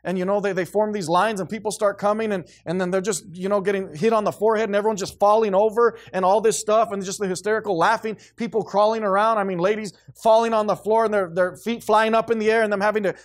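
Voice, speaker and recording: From the pulpit, a fairly high-voiced man gives a sermon as a pastor, delivering it with emphasis. He keeps restarting his sentences as he goes.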